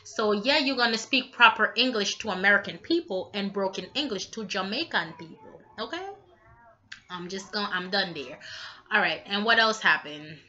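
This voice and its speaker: A woman's voice: medium pitch, moderate pace, bright, forceful tone, highs cut off. A woman vlogger giving a casual, opinionated recap with blunt remarks and lots of fillers. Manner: chatty, blunt, many fillers. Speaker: vlogger reviewing a reality show.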